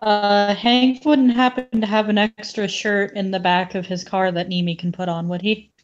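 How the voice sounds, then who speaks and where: Woman, tabletop player, wry jokes, mid pitch, dull lo-fi audio. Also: level tone, moderate pace. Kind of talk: playing a tabletop game.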